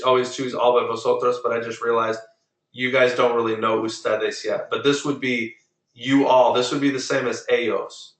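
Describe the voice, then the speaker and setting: Patient male Spanish teacher, bright voice. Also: medium pitch, reverberant, rough recording. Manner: patient, drills pronunciation slowly. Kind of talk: online class lesson. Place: online video meeting.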